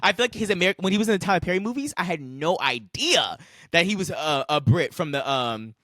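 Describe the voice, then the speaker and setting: Brief: lively young male co-host, bright tone, dry close mic. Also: fairly high pitch, fast, dry recording. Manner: animated, opinionated, rambling. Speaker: podcast co-host. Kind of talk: casual chat.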